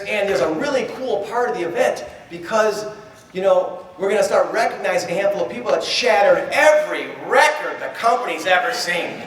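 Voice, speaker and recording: A man giving a live motivational seminar talk, animated, acting out little dialogues and quizzing the crowd. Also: sits high. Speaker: motivational trainer. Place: large event hall. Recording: echoey hall from far off.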